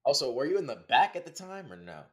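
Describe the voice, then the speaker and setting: A young man from California in casual chat, talking in a hesitant, halting way with many restarts. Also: fairly high pitch, sing-song.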